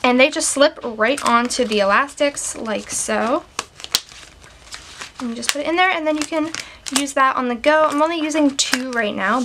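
Chatty, higher-voiced woman vlogger. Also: noisy background. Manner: chatty, sprinkled with "like" fillers; enthusiastic. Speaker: stationery and planner vlogger. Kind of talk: casual show-and-tell chat.

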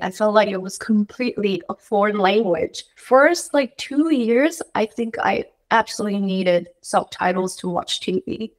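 A woman's voice: mid-range voice, poor audio. Woman guest, casual and giggly, lots of fillers, mid-range voice. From United States. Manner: laughing often, many "like" fillers, quoting others in asides. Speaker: guest, dog groomer. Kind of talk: casual interview chat.

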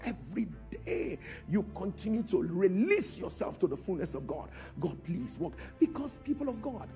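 A man preaching a sermon in a large church, calling out to the congregation and swinging from hushed tones to shouts. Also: a little high. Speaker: pastor.

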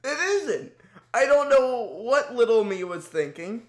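A young adult host giving casual, animated commentary on old videos. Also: medium pitch, measured pace, crowd noise. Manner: animated, laughing, exclaiming. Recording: echoey room.

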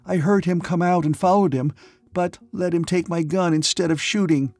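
A man's voice: medium pitch, unhurried, slightly rough, soft background music. A man voicing a wrathful young woman. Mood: despairing. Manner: choked, wrathful. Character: young woman, angry and desperate.

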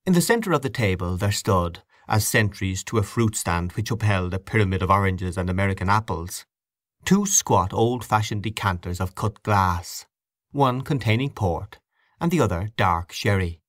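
A fairly low male voice delivers studio-quality audiobook narration without any echo. He reads from a script at a measured pace, with plenty of expression.

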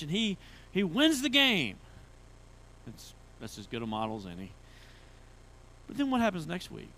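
A man's voice: a little high, fairly bright tone. A man preaching a sermon as pastor, conversational, with restarts and emphatic rising runs. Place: church sanctuary.

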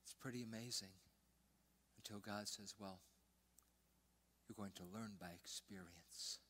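Older pastor preaching, loud then hushed. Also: male voice, lowish voice, steady tone, measured pace, slight background noise. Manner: storytelling, swings between loud emphasis and hushed near-whispers. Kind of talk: sermon. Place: church sanctuary.

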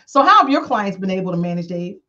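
A woman hosting a talk show, telling a story casually with animated, acted-out dialogue and frequent laughter. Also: quick pace. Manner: animated, acts out quoted dialogue with big pitch jumps; laughs often while talking. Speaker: attorney and show host. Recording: dull lo-fi sound.

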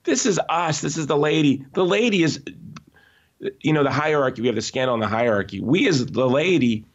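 A man being interviewed, telling stories in an animated, emphatic way with frequent restarts. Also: a little high, fairly quick, dull audio. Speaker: interview guest. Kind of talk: conversational podcast interview.

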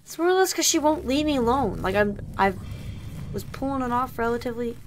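A woman's voice: fairly high pitch, lively intonation, a little fast, slight background noise. A woman streaming a game, chatting casually with viewers and often voicing exasperation at the game. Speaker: gaming streamer. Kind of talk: casual live gameplay commentary.

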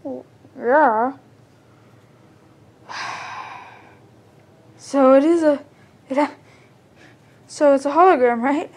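High-pitched stammering woman voicing a skit. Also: a little mellow. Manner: stammering, hesitant restarts. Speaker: fan video maker voicing all characters. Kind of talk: comedic fan skit voicing.

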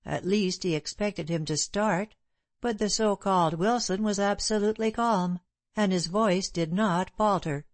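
Slow, measured woman narrating a novel. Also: fairly low pitch, dry recording. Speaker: audiobook narrator. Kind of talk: scripted narration.

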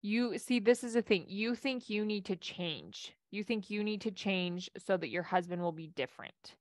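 A woman's voice: medium pitch, normal speed, darkish tone, no room sound, clean studio sound. A woman life coach giving a casual coaching talk and answering audience questions, with a chatty delivery full of restarts.

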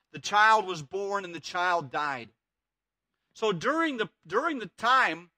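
A man delivers an earnest sermon, leaning hard on repeated words. His voice sits high and sounds bright. The recording is dry, with no room echo. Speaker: pastor.

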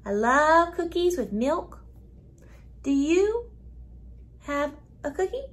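A preschool music teacher, a woman, talking playfully to young children in a gentle sing-song way, often repeating her words. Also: high-pitched, big pitch swings, slow.

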